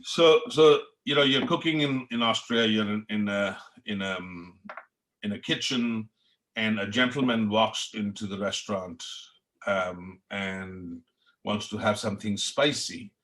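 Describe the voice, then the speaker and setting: Earnest Indian-accented man, lowish voice. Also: a little slow, a bit bright. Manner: earnest, passionate storytelling. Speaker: chef, podcast guest. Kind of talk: reflective interview talk.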